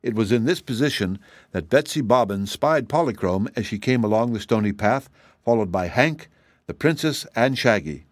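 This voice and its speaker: A man giving measured, gentle scripted storybook narration as an audiobook reader. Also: medium pitch, lively intonation, no echo, studio quality.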